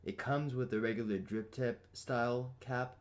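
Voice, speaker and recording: A young man with a sore throat and a raspy, hoarse voice, reviewing a product in a casual, rambling vlog. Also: mid-range voice, steady tone, normal speed. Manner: casual, loose and rambling with fillers.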